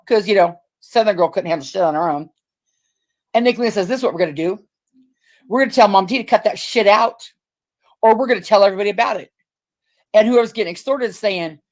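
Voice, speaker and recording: A woman's voice: medium pitch, quick pace. A woman hosting a livestream, talking in a blunt, profane and rambling way. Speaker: livestream host. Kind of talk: casual ranting livestream chat.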